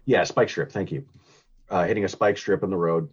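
A low-voiced man with a husky edge chats through a movie recap, rambling and giggling, full of ums and restarts. The sound is dull and lo-fi, like a cheap podcast mic. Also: fairly quick. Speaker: podcast co-host recapping a film. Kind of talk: casual movie recap chat.

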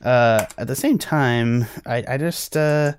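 A man's voice: medium pitch, takes it slowly, a little hiss or hum. An American man co-hosting a film review podcast, talking casually and rambling with many restarts. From United States. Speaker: podcast co-host.

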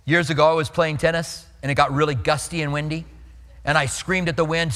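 A man preaching in a church with a bright, forceful, slightly high voice. He tells the stories earnestly and often stumbles over repeated words before a line. His voice rings out with a long reverb through a large sanctuary. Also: fairly quick. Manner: earnest storytelling, repeats words when starting lines. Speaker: pastor. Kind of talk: sermon.

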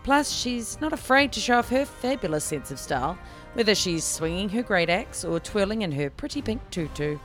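A woman's voice: mid-range voice, expressive, moderate pace, faint music behind. A woman introducing her tabletop game character in a playful, upbeat way. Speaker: player.

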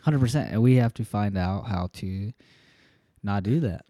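A man's voice: lowish voice, moderate pace, mellow, dry recording, clean studio sound. A man co-hosting a faith podcast, talking in an earnest, rambling way with plenty of fillers. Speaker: podcast co-host. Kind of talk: casual faith talk.

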